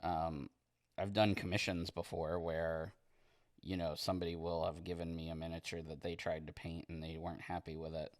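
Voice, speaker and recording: A man streaming as he paints miniatures, chatting casually in a relaxed, rambling way and reading viewer comments aloud. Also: deep voice, normal speed, no room sound, studio quality. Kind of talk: casual livestream chat while painting.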